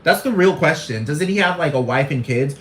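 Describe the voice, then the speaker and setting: Brash gossipy young woman, played by a man, rambling profane rant, slightly high, roomy echo. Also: expressive, fairly quick, fairly bright tone, slight background noise. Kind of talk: comedic character monologue.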